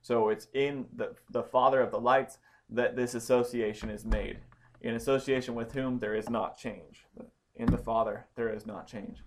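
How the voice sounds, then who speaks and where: A man's voice: medium pitch, slight background noise. A man teaching a Bible study lesson, explaining Greek grammar step by step with frequent ums and restarts.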